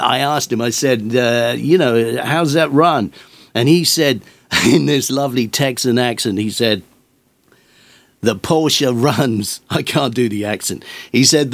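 A man's voice: mid-range voice, no room sound. An older man, presenting on the radio and rambling through anecdotes between tracks, chuckling often.

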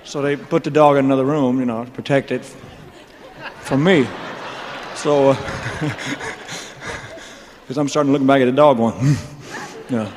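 A man's voice: mid-range voice, steady tone, moderate pace, long pauses, darkish tone, some chatter behind. A man telling his career story on stage in a loose, joking, drawling way, full of asides, with audience laughter around him. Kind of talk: rambling onstage storytelling monologue. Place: large live venue with audience laughter. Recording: live concert recording with long hall reverb and faint noise.

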